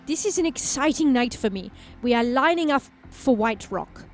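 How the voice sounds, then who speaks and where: A woman's voice: high voice, expressive, moderate pace, faint music behind. A woman voicing a pair of stiff, formal German men in a put-on German accent, with stilted and overly polite phrasing. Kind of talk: let's play character voicing.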